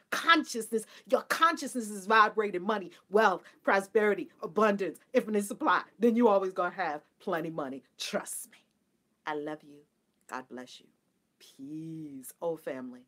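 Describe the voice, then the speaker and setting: A woman hosting a casual spiritual talk for her viewers, animated and playful, laughing often and mimicking people. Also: medium pitch. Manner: mimics people in a flat, dutiful voice. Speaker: spiritual livestream host.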